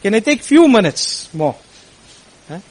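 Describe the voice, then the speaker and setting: Imam, high tenor-ish voice, earnest sermon storyteller, surges into impassioned peaks. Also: male voice, big pitch swings, a little slow, poor audio.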